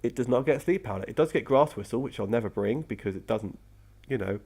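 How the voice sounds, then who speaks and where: A man's voice: medium pitch, fast, a little mellow, breathy edge. A young man, casually commentating on his game team, chatty with frequent self-corrections. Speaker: competitive Pokémon player and video host.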